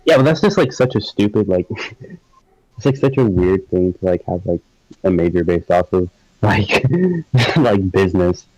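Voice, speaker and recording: Rambling low-voiced young man. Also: a little slow, a little mellow, no room sound, low-quality recording. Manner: rambling, laughs often, heavy filler words. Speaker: podcast co-host. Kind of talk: casual chat.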